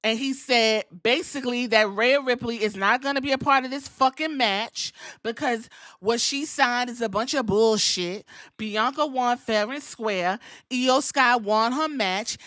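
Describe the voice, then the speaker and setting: Bright, high-voiced woman podcast host. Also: unhurried. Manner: animated, profane, storytelling. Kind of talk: casual wrestling show recap.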